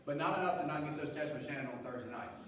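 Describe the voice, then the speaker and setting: A man's voice: a little high, very fast, a little hiss or hum. A male pastor, telling a humorous story in a sermon and acting out the voices of others. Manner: animated, joking, acts out quoted voices. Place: large church hall. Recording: echoey church hall, far from mic.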